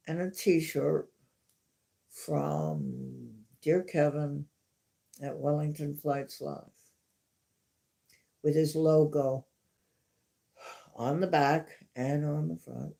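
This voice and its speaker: Slow, gravelly woman telling home stories. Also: low-pitched, steady tone, mellow. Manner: chatty, repeats herself for emphasis. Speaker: livestream host. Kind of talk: casual storytelling.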